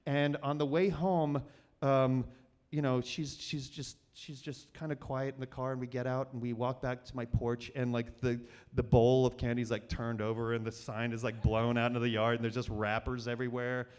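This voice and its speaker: A man's voice: mid-range voice, little pitch movement, normal speed, darkish tone, clean tone. Rambling man telling a stage story. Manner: rambling and self-deprecating, many fillers and restarts. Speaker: storytelling show host. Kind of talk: live comedic storytelling.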